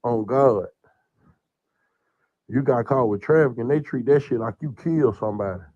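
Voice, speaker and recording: A man's voice: medium pitch, moderate pace, warm tone, no room sound, dull audio. Tearful man ranting on a stream. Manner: tearful, rambling, profane. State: crying. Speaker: man under investigation speaking on a livestream. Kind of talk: emotional livestream rant.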